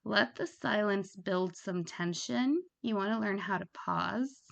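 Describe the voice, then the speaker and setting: Frank, gravelly woman coaching. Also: medium pitch, measured pace. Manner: frank, chatty, laughs at her own examples. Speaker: phone sex operator coach. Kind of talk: casual instructional talk.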